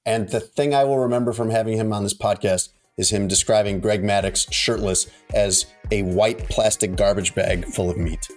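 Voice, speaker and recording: A man's voice: fairly low pitch, steady tone, normal speed, few pauses, faint music behind. A man co-hosting a sports podcast, telling a story in casual chat with a wry, amused manner. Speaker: podcast co-host.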